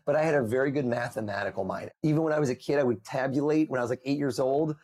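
A man in his thirties, a mentalist guest on a podcast, telling lively stories and acting out the people in them. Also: medium pitch, very fast. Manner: animated storyteller, acts out quoted voices. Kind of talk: podcast interview over video call.

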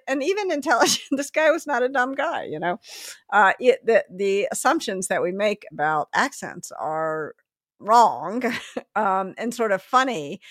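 A woman's voice: mid-range voice, a bit bright, no room sound, clean studio sound. A woman from the American South co-hosting a podcast, telling stories in a chatty way and laughing often. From Memphis, US South. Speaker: podcast co-host. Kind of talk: casual conversation.

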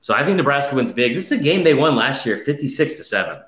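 A man in a casual sports chat reels off numbers and predictions with emphatic drive, sounding slightly out of breath. His mid-pitched voice sits in an echoey room that rings around every line. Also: sing-song, fairly bright tone. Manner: rapid stat-heavy, emphatic, with fillers. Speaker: podcast host.

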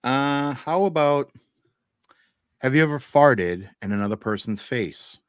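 Male podcast host, mid-pitched, easygoing quiz asker, dry recording. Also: animated, smooth, dry recording. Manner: quick-fire quiz questions, laid-back. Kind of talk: casual podcast chat.

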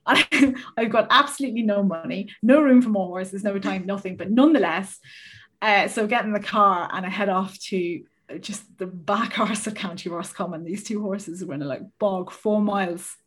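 A woman's voice: mid-range voice, moderate pace. An Irish woman telling a self-mocking story in casual podcast chat, laughing often as she talks. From Ireland. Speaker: horse rider.

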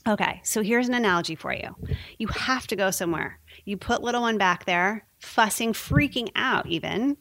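As a sleep consultant guest, a woman explains infant sleep habits in a casual, warm chat, often acting out little voices for babies and parents. She has a medium-pitched, animated voice, speaks at a moderate pace, and there's no echo.

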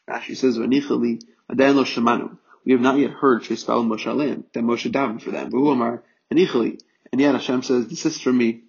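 A man's voice: mid-range voice, creaky, slightly rough, lo-fi sound. A man teaching scripture, reading Hebrew phrases and translating each one line by line, with frequent restarts. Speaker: Torah teacher.

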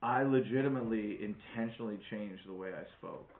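A man's voice: fairly low pitch, fairly quick. Man with a light Wisconsin accent, echoey and tinny. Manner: profane, rambling storyteller. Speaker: guest comedian. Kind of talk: casual podcast chat. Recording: echoey, phone-like lo-fi.

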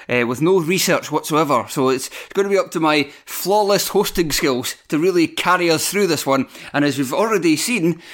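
A man with a somewhat high, slightly bright voice stands in as host of a casual podcast. He jokes at his own expense, swears freely, and laughs a lot.

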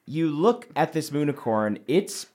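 A man running a tabletop role-playing game as game master, narrating scenes in a lively storytelling way and laughing often. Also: a little high, unhurried.

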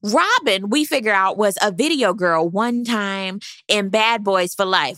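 A woman's voice: mid-range voice, unhurried, hardly any pauses, dry recording, studio quality. Sassy woman recapping reality TV gossip. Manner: sassy, gossipy, animated, laughing asides. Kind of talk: casual recap commentary.

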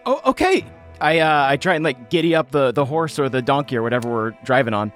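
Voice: mid-range voice, quick pace, fairly bright tone, soft background music. A tabletop player speaking in character, eager and apologetic. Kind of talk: tabletop role-play.

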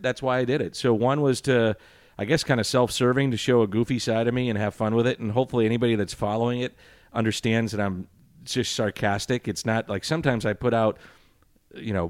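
A middle-aged man who talks in a loose, rambling way with a dry, sarcastic edge. He is a sports broadcaster answering an interviewer's questions. His voice sits fairly low and the recording is dry and close. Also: fairly quick, no echo.

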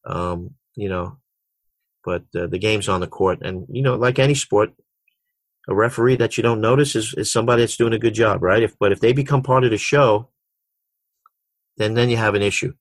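A man's voice: lowish voice, fairly quick, dry recording. A middle-aged man, a basketball coach, answering interview questions with frequent restarts and repeated words. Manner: repeats words and restarts often, tells anecdotes.

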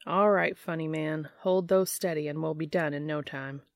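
A woman's voice: low voice, fairly even intonation, normal speed, no echo, studio quality. A woman reading an audiobook, voicing a cheerful, teasing young man in an easygoing way.

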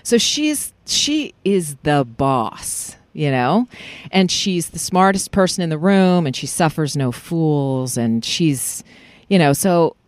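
Voice actor guest rambling happily about roles, pitch bouncing all over, dry close sound. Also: slow pace, few pauses, no echo. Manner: animated storytelling, many fillers and restarts. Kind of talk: casual interview chat. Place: recording in a parking lot.

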